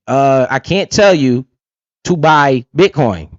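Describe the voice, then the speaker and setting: A man's voice: medium pitch, animated, slow pace, no echo. A man hosting a casual livestream, swaggering and profane, tossing in "right?" again and again. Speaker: livestream host. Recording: dull lo-fi dry sound.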